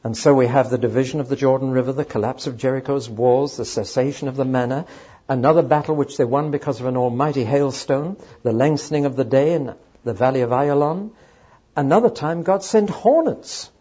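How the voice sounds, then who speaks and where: Emphatic male preacher, mellow husky voice. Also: medium pitch, brisk, highs cut off. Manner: emphatic, addresses audience directly. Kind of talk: sermon.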